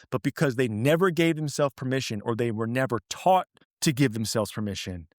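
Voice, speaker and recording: A man's voice: medium pitch, no echo, clean studio sound. A middle-aged man hosting a podcast, speaking earnestly and directly about grief, repeating phrases for emphasis. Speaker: podcast host. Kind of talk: reflective motivational talk.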